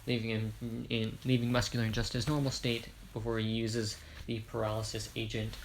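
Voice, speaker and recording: A man's voice: on the low side, monotone, moderate pace, slight background noise. A man from Ireland casually retelling a fan story, rambling with self-corrections and jokey asides.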